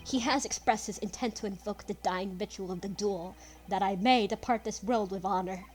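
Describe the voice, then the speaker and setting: A woman reading aloud as a male nobleman confessing in his last will, slow and halting over the words. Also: medium pitch, a little mellow, close to an everyday voice. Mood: grave. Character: male gentleman writing a murderer's confession. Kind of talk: reading game dialogue aloud.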